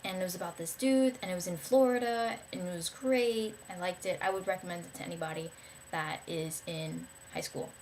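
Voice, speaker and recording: A woman's voice: fairly low pitch, a little fast, a little mellow, slight background noise. A young woman talking casually to camera about books she liked, rambling and enthusiastic, with many fillers and restarts. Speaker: vlogger.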